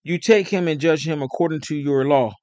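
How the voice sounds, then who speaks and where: A man's voice: fairly high pitch, a little fast, a little mellow, no room sound, natural voice. A man voicing a stern, uneasy Roman governor who presses with firm questions.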